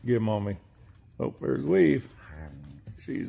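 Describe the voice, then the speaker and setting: A man's voice: lowish voice, expressive, takes it slowly, vocal fry, long pauses, slightly rough. A man filming outdoors on his phone and talking to his pets in a playful, coaxing, laughing way. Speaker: wildlife video maker. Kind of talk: casual talk to animals while filming.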